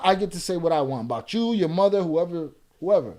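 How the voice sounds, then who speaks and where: A man's voice: a little high, lively intonation, fast talker, darkish tone. A man hosting a live reaction stream, reading viewer comments aloud and firing back at a troll with profane, heated rants. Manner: laid-back, explaining points with repeated "you know".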